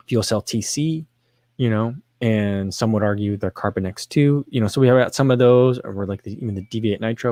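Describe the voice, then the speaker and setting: A man's voice: fairly low pitch, a little mellow, no echo. A man hosting a casual livestream, reading viewer questions and rambling about running shoes in a self-deprecating way. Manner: rambling, self-deprecating, with frequent restarts and fillers.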